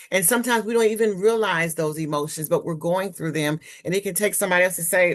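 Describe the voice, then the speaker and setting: Low-voiced woman giving a candid talk. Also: fast talker, hardly any pauses. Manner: candid, personal, speaks from her own experience. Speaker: presenter on trauma healing. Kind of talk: webinar presentation.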